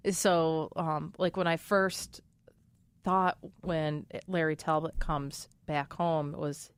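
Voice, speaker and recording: A woman's voice: low voice, little pitch movement, very slow, clean tone. A woman co-hosting a casual movie chat, rambling through her thoughts with lots of fillers and laughing often. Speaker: co-host.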